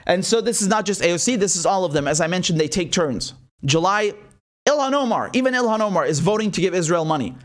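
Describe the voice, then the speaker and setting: A man's voice: high voice, lively intonation, fast talker. A man delivering a heated, sarcastic political opinion monologue as host of his own show. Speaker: political commentator.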